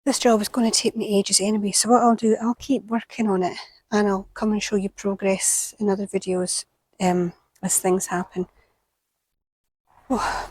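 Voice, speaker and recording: A woman with a British accent hosting a gardening vlog outdoors at an allotment, talking to camera and often dropping to a hushed whisper. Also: medium pitch, husky, no room sound. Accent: British English. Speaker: gardening channel host. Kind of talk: casual vlog talk to camera. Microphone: small clip-on microphone.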